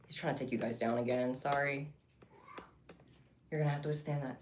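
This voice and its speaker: A woman chatting casually and excitably to her viewers while livestreaming her craft work. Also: a bass voice, fairly quick, long pauses, roomy sound. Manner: chatty and excitable, talking to chat. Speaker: livestreamer making bead bracelets.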